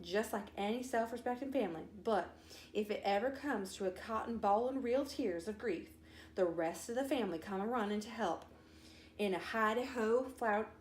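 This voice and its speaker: Woman reading a folksy storybook aloud. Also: on the high side. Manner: folksy, expressive. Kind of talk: storybook read-aloud, first-person child narrator. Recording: roomy echo.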